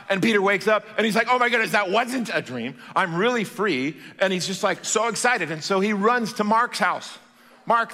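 Bright-voiced, animated male preacher. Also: high-pitched, in a large hall. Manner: animated, playful storytelling. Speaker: pastor. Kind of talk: sermon. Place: church.

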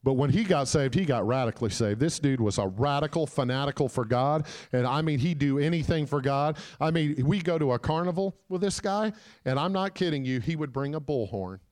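A man giving a sermon as a guest preacher, telling a story and calling out to the congregation, moving between loud shouts and hushed quiet. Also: a little high, lively intonation, fairly quick. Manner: calls out to the congregation.

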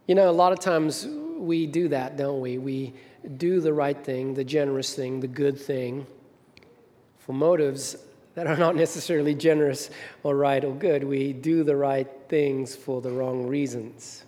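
A man's voice: fairly high pitch, normal speed, a little mellow. A middle-aged man, the senior minister, giving a storytelling sermon and acting out the voices of the people in his stories. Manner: storytelling, acts out quoted voices. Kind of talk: sermon with anecdotes. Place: church hall. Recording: long hall reverb.

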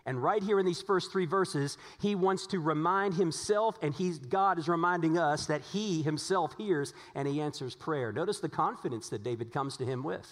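A man delivers a Sunday sermon from the pulpit, voice sitting a little high for a man. He presses his points through repetition and rhetorical questions. The sound hangs in a long church reverb. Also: normal speed, few pauses. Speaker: pastor.

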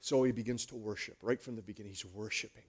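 A male pastor preaching a sermon, retelling stories with lively swings between hushed and loud delivery. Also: on the low side, fast, husky.

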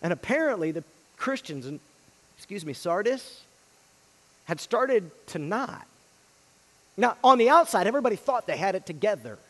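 A man preaching a sermon, swinging between loud emphasis and hushed, quiet lines. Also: high-pitched, very animated, normal speed, long pauses, big-room sound. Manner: dynamic delivery, swinging from loud emphasis to hushed near-whispers. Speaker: pastor.

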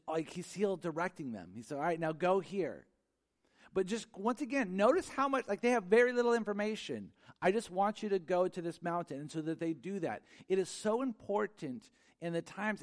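A man preaching a sermon in a conversational, animated way, acting out little quoted exchanges and at times dropping to a soft, quiet voice. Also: fairly high pitch. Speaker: pastor.

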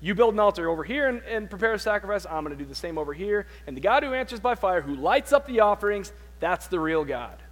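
A man preaching a sermon, reading scripture with dramatic loud peaks and dropping to quiet, conversational asides. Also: sits high, animated, fast talker, few pauses, long reverb tail.

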